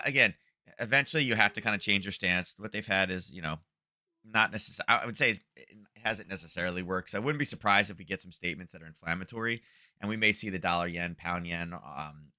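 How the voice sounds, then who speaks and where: A man's voice: low-pitched, sharp tone, no echo, clean studio sound. A middle-aged man hosting a live trading show from home, giving casual market commentary in a chatty, rambling way full of fillers and restarts.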